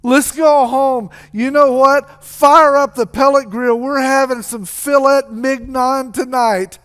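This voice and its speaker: A man voicing an overjoyed old father who excitedly calls out orders to his workers. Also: very high voice, slow, pitched above the performer's own voice, exaggerated voice. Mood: jubilant. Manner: loud, excited, exclaiming.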